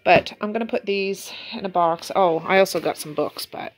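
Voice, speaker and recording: A woman's voice: medium pitch, moderate pace. Woman, middle-aged, Nova Scotian accent, casual home vlog, rambling chat. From Nova Scotia, Canada. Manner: chatty, rambling, self-correcting. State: out of breath. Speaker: vlogger. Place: outdoors in snow at dawn.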